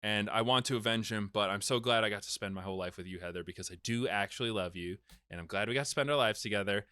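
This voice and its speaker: A man's voice: on the low side, fast, pushed and bright, smooth, no room sound, studio quality, pitched below the performer's own voice. A man voicing a sorrowful immortal swordsman who talks earnestly and tenderly to his dying wife.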